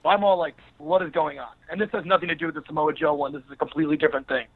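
Man, wrestler guest, higher voice, tinny phone line, acts out quoted people in his story. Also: very fast, breathy edge. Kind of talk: casual storytelling interview.

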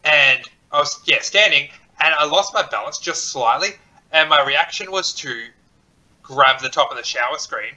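A man's voice: a little high, normal speed, lo-fi sound. A man co-hosting a podcast, chatting casually and telling stories with plenty of swearing and self-mockery. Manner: animated, swears freely, self-deprecating storyteller. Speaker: podcast co-host. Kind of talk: casual chat.

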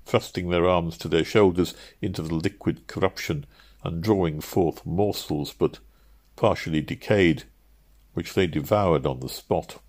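A man narrating an audiobook in a measured, steady reading. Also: low voice.

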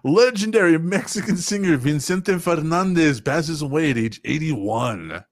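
A man hosting a casual podcast, telling stories in an animated, profane way and acting out quotes. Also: a little high, a little slow, dry recording, studio quality. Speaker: podcast host.

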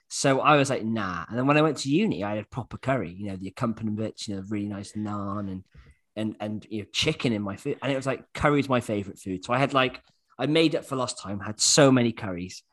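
A man's voice: fairly low pitch, a bit bright. A man, hosting a podcast in a casual, jokey chat full of fillers. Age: 30s. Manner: chatty and jokey, many fillers and restarts. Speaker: podcast host.

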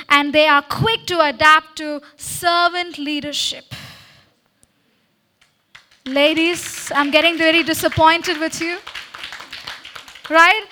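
A woman with an extremely high, pushed and bright voice delivers a sermon-style talk at a church meeting, holding a handheld mic. She urges the congregation on and checks in with them over and over, using frequent "Okay?" call-and-response.

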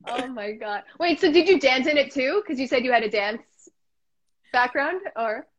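A young woman hosting a casual chat, telling stories in a rambling, animated way with lots of restarts. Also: high-pitched, normal speed. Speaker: podcast host. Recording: dull lo-fi audio.

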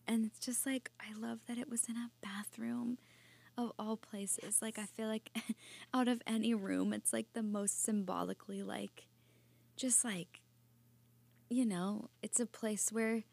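A woman hosting a podcast interview, softly affirming her guest with small reactions. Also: fairly high pitch, fairly even intonation, unhurried, vocal fry. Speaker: podcast host.

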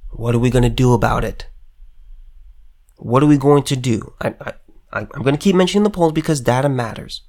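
A man's voice: mid-range voice, a little fast, a little mellow. Fired-up man ranting to viewers. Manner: emphatic, repetitive, stammering restarts, addresses viewers directly. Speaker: political commentator. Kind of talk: impassioned political rant.

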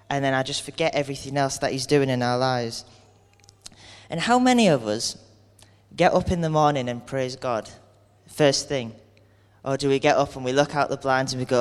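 Earnest preacher in a reverberant hall. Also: male voice, mid-range voice, a little fast, smooth. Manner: earnest, candid, acts out everyday complaints. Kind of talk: conversational sermon.

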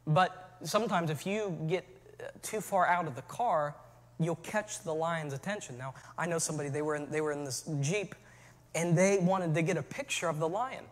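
A man preaching a sermon as pastor, moving from relaxed storytelling to shouted calls to his church. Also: a little high, moderate pace, big-room sound.

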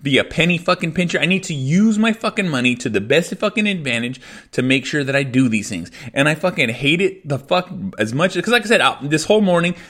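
A man's voice: on the high side, lively intonation, fairly quick, fairly bright tone. A man hosting his own podcast, ranting alone in a frustrated, heavily profane, self-deprecating way. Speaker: podcast host. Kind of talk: solo rant.

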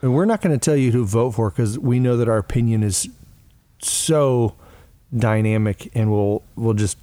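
A man's voice: mid-range voice, moderate pace, warm tone. A man co-hosting a podcast, chatting casually and joking with a lot of laughter. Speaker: podcast co-host. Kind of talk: casual chat. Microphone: podcast mic.

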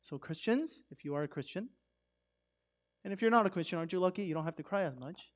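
High-voiced man preaching casually. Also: lively intonation, quick pace. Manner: conversational, swings between loud emphasis and soft hush; asks rhetorical questions. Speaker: pastor. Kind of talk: sermon.

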